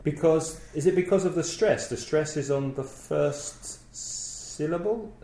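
A man's voice: fairly high pitch, measured pace, creaky, dark tone, reverberant, slight background noise. A man answering as the student in a podcast lesson, working through spellings carefully, letter by letter. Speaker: student co-host.

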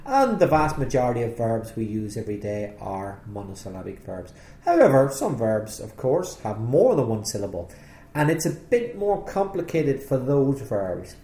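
A man with a British accent, teaching English spelling rules patiently and clearly in a podcast lesson. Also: mid-range voice, sing-song, normal speed, mellow, roomy sound.

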